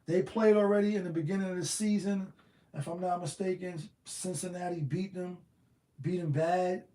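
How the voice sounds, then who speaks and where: A man hosting a casual solo show on betting picks, slangy and animated, firing off rhetorical questions. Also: high voice, normal speed, roomy sound. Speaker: sports betting show host.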